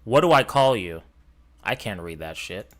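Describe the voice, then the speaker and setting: A man's voice: lowish voice, expressive, moderate pace. A man from Los Angeles reacting to videos on stream, blunt and mocking, swearing freely. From Los Angeles, USA. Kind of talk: casual reaction commentary.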